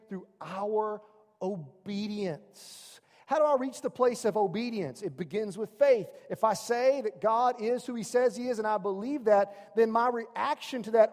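Reverberant dynamic preaching from a man. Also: high-pitched. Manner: dynamic preaching, swinging from loud excited calls to quiet, soft asides. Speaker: pastor. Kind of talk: sermon. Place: church hall. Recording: long reverb of a large room.

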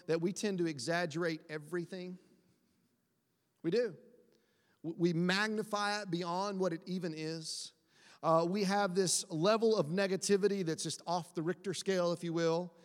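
A man preaching a conversational sermon, acting out quotes in a whiny voice. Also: high voice. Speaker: pastor. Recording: long hall reverb.

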